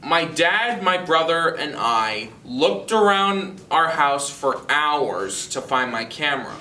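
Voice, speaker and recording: Teen boy from North Carolina telling an amused anecdote, halting, slightly raised pitch, roomy sound from a distant mic. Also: big pitch swings, sharp tone, a little hiss or hum. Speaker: storyteller. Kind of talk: personal anecdote told to camera.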